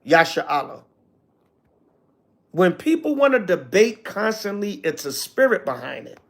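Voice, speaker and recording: His voice is high and fairly bright, with a sing-song lilt and a measured pace. He takes on an elder's role for his livestream audience, teaching in a relaxed way, reading out viewer comments and tossing in sarcastic, slangy remarks.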